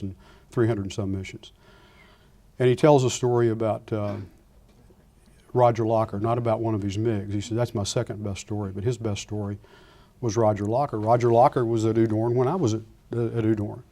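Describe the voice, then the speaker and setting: An older man, a retired Air Force pilot, giving a lecture full of anecdotes and acting out the dialogue with lively restarts. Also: lowish voice, vocal fry. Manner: animated storyteller acting out dialogue, frequent restarts.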